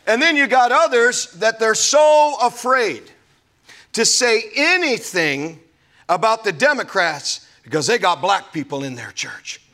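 Emphatic high-voiced male pastor preaching. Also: animated, measured pace, bright, forceful tone. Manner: emphatic preaching with folksy asides. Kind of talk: sermon.

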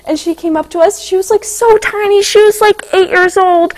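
Chatty high-voiced teenage girl. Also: a little fast, hardly any pauses. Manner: chatty, filler-heavy, excitable storytelling. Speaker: guest, young singer and actress. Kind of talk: casual interview chat.

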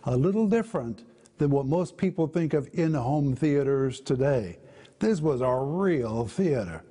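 A man's voice: fairly high pitch, expressive, unhurried, dark tone. An older man hosting a televised Bible teaching, speaking in an earnest, emphatic way as he urges viewers to respond.

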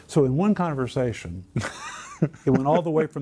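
A man, a Christian minister and author, telling a personal testimony as an earnest, animated storyteller. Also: medium pitch, normal speed, vocal fry, slightly rough.

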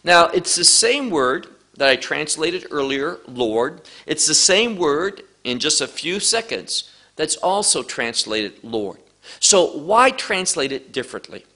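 A man's voice: fairly high pitch, very animated, a little slow, bright, forceful tone. A man preaching verse by verse through a Bible passage, leaning hard on key words and stretching them out. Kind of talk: expository Bible teaching.

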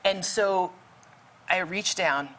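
A woman's voice: fairly low pitch, takes it slowly, a bit bright, slight background noise. A woman guest telling a faith story vividly, acting out the dialogue in it. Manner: vivid, acts out quoted dialogue. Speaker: guest author. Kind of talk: storytelling testimony.

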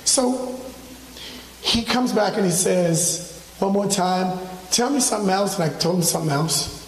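A man preaching a sermon, telling a personal story in an animated way and acting out his own phone calls. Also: sits high, a little slow. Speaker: pastor. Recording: echoey church hall from far off.

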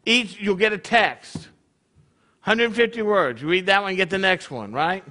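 Male congregation leader, high pitched and bright, preaching in a chatty way with frequent "right?" check-ins. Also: measured pace. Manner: conversational, peppered with rhetorical questions. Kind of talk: sermon.

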